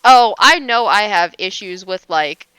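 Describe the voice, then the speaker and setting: A woman's voice: mid-range voice, lively intonation, unhurried, a bit bright, smooth, dry recording. A young woman livestreaming while gaming, chatting casually and gushingly, laughing often and swearing offhandedly at herself.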